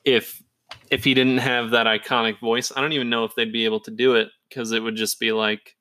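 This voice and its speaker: A woman's voice: a bass voice, little pitch movement, fairly quick, a bit bright. A woman co-hosting a podcast in casual chat, easygoing and agreeable, often chiming in with short replies. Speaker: podcast co-host.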